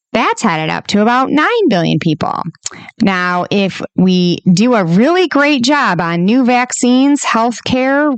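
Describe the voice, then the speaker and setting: A woman hosting a podcast, talking casually and incredulously, often laughing and breaking into high exclamations. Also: dry recording. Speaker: podcast host. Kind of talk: casual commentary monologue.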